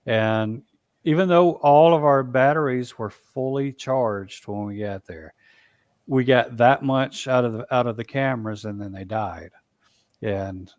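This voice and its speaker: A man's voice: lowish voice, no echo. Man telling a story, stop-start delivery, lots of fillers, dry close sound. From Alabama, US. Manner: halting, many fillers and restarts. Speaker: Bigfoot researcher guest. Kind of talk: casual storytelling.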